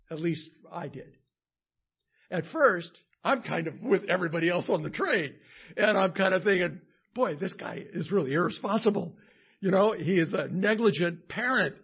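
A male pastor leading a prayer and telling a story in a sermon, halting with many fillers and restarts, growing animated as the story builds. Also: fairly high pitch, vocal fry, breathy edge, highs cut off. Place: church.

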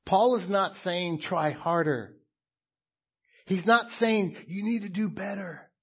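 A middle-aged pastor preaches in an unhurried, deliberate way, his voice a little husky. He leans hard on key words and then drops almost to a hush. The sound is dull and muffled. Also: high voice. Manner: slow, emphatic preaching with soft, hushed stretches. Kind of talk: sermon.

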